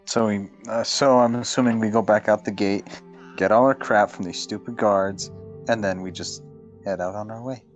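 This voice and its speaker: A man playing a tabletop game, easygoing and quick to laugh. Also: lowish voice, fairly even intonation, soft background music. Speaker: player. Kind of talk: casual game chat.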